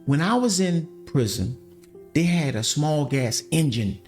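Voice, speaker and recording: Man, podcast testimony, lively storyteller, faint music bed. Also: a little high, measured pace. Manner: animated, addresses listeners as family. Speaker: podcast host telling his story.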